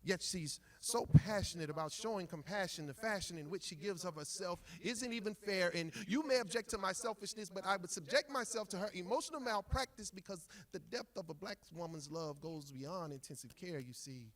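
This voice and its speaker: A man delivers a spoken word poem on a stage in a rhythmic cadence. His voice sits a little high for a man and swings between hushed, near-whispered lines and loud, soaring peaks. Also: a little fast, few pauses.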